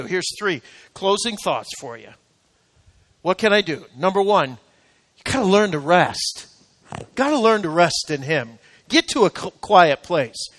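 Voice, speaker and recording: A man preaching a sermon, rising to loud emphatic peaks and then dropping to quiet, intimate talk. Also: high-pitched, in a large hall. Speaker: pastor. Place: church sanctuary.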